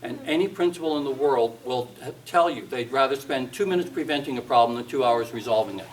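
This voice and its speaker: A man's voice: mid-range voice, expressive, brisk. A man giving a seminar talk on discipline, telling stories and acting out what parents, teachers and children say, with dry humor. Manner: storytelling, acts out quoted parents and kids, wry humor. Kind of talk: seminar talk with acted anecdotes. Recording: distant mic with faint background noise.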